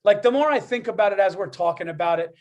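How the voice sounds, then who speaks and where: A man co-hosting a podcast, talking in an excitable, profane way and laughing mid-sentence. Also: sits high, quick pace, dull audio. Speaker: podcast co-host. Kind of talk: casual chat.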